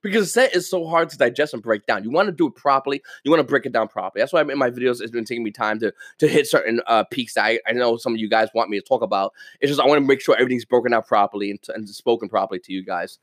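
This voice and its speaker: A man's voice: mid-range voice, rapid-fire, few pauses, no echo, studio quality. A man hosting a casual solo podcast, ranting with energy, stumbling over repeated words and cursing now and then. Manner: animated, ranting, stammers and repeats words, swears. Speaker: podcast host.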